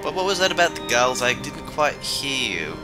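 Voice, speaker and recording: Young dude rambling over a game, super lively pitch, slow talker, music going behind. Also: male voice. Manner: silly, rambling, bursts of gasps and mock voices. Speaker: let's play commentator. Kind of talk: goofy gameplay commentary.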